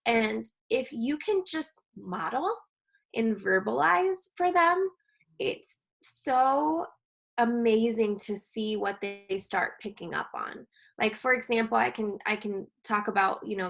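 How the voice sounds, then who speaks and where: A woman in her thirties, a guest expert talking gently and earnestly in a casual interview about coping as a mother. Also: fairly high pitch, creaky. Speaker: guest expert on maternal mental health.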